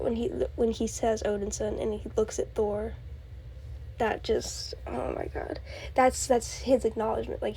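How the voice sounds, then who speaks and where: A woman's voice: on the high side, creaky, mellow, breathy edge, low-quality recording. A young woman hosting her own show, rambling casually and gushing about a film character, with many fillers and laughs. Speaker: podcast host. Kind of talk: casual solo rambling talk.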